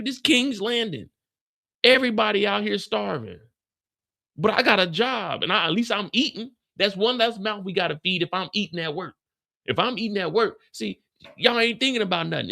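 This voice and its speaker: A man's voice: sits high, vocal fry, sharp tone. A man hosting a live show recap, delivering a profane, heated comedic rant as if he were a character from the series.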